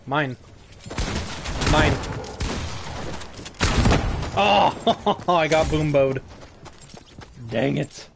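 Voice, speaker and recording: Male game streamer, upper-pitched, playful trash talk over clear game gunfire. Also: extremely slow, pauses often, background noise. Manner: playful taunting of opponents. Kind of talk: live gameplay commentary. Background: game gunfire and effects.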